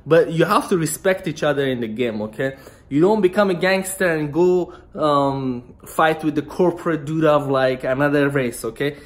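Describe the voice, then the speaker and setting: A man's voice: a little high, normal speed. A young man from Iran, talking to camera in a loose, rambling vlog and often laughing. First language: Farsi. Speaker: vlogger. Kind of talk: casual rambling monologue to camera.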